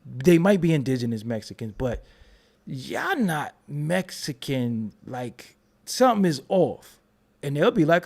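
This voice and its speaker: Gravelly-voiced man ranting emphatically. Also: on the high side, measured pace. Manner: animated, emphatic, profane, talks over repeated restarts. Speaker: commentary channel host. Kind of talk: unscripted commentary rant.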